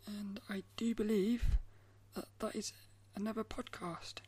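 A woman hosting a solo podcast, talking in a thoughtful, musing way and often trailing off into soft, near-whispered asides. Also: medium pitch, steady tone, a little slow, slightly rough. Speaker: podcast host. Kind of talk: reflective solo podcast talk.

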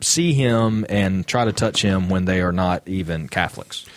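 A man co-hosting a casual discussion podcast, steering the talk by putting questions to the others. His voice sits fairly low and sounds dry and close. He speaks conversationally. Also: moderate pace, dry recording. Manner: asks questions, moderates the talk. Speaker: podcast co-host.

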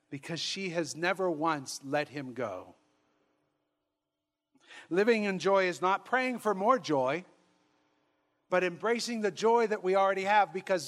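Exuberant high-voiced priest telling stories. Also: male voice, fairly bright tone. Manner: exuberant and humorous, laughing as he tells stories; acts out quoted voices. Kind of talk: storytelling sermon.

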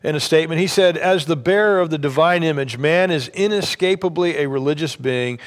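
A man's voice: fairly high pitch, brisk. A man preaching a sermon in a conversational way, reading scripture and explaining it with many fillers and restarts. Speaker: pastor.

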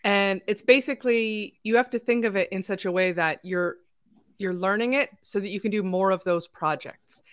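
Casting: woman podcast host, direct coaching delivery, mid pitch, dry close recording. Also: moderate pace, dry recording. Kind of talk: casual podcast chat.

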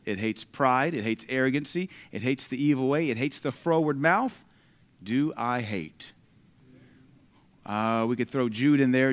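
A man, preaching a sermon and swinging between loud declarations and quiet asides. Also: mid-range voice. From United States.

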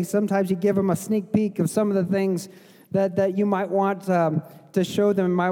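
A man's voice: sits high, warm tone, big-room sound. A middle-aged man preaching a conversational sermon as pastor, sometimes acting out the crowd's voices. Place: church sanctuary.

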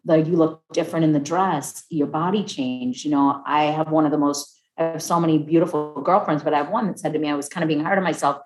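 A woman in her fifties talking casually and warmly about marriage, acting out other people's voices as she tells stories. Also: low voice, fast talker, hardly any pauses, over music. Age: 50s. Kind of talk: casual heartfelt conversation. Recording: echoey room.

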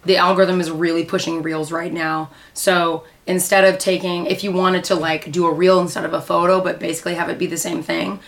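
A woman co-hosting a casual podcast, agreeing easily and explaining in a relaxed way. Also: fairly low pitch, brisk, creaky, hardly any pauses. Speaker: podcast co-host, artist.

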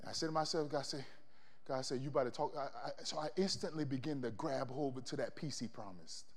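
A man a sermon in call-and-response style, swinging between loud shouts and hushed low passages. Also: fairly quick, in a large hall. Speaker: preacher.

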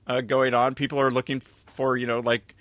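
Bright-voiced man rambling casually. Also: mid-range voice, little pitch movement, a little fast, dry recording. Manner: rambling, self-correcting, chuckles often. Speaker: podcast co-host. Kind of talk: casual chat.

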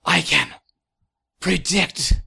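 A man voicing an eccentric, excitable scientist, full of halting "ah"s. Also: on the high side, gravelly, husky, full character voice. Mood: eager.

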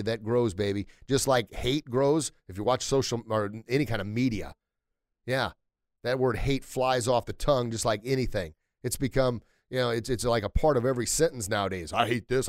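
A middle-aged man telling motivational stories to his listeners, swinging from easy chat up to loud, emphatic high points. His voice sits at an ordinary pitch for a man. The sound is dry and close, with no room around it. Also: no room sound. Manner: energetic storytelling, rising to loud emphatic peaks. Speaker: podcast host. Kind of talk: motivational solo podcast talk.

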